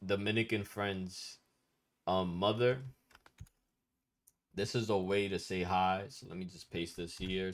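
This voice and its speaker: A man of Dominican family teaching Spanish etiquette in a casual, slangy lesson, talking bluntly and sometimes swearing. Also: fairly low pitch.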